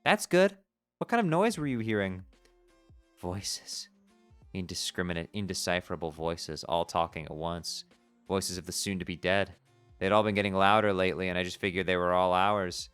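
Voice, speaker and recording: A man voicing a weary, blunt teenage troll boy, in a low, flat, mumbled read. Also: moderate pace, smooth, dry recording, soft background music.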